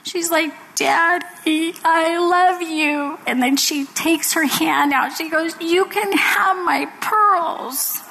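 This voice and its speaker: Woman, devotional speaker, earnest storyteller, slow, slightly high voice. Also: rough recording. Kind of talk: devotional talk.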